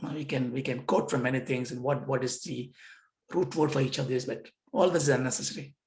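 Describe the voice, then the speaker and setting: A man's voice: mid-range voice, fairly even intonation, fairly quick, vocal fry, a little mellow. A man teaching yoga philosophy, acting out questions and answers with himself. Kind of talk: lecture on scripture. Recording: roomy echo.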